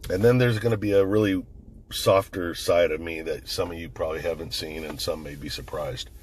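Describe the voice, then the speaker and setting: A man's voice: deep voice, fairly even intonation, a little fast, slight background noise. Man rambling and swearing into a phone. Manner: rambling, profane, conversational, with frequent restarts. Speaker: firearms commentator. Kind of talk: casual storytelling commentary.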